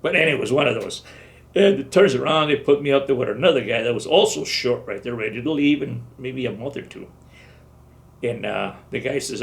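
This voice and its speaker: An older man in his seventies recalls his service in a loose, wandering storytelling manner, and often acts out what others said. His voice has a gravelly fry, set at a middle pitch for a man. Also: a little fast. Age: 70s. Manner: rambling storytelling, acts out dialogue. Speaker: veteran interviewee. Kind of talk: oral history interview.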